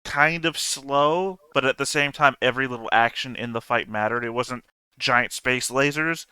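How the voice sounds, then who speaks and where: A man chatting casually with fellow tabletop players, animated and profane, laughing as he rants. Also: medium pitch, moderate pace, clear, resonant tone, dry recording. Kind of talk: casual chat between game sessions.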